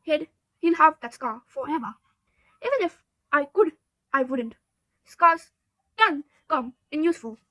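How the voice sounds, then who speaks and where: A woman reading the lines of a wise, calm old male wizard, measured and steady, in a storybook reading. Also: high-pitched, no room sound.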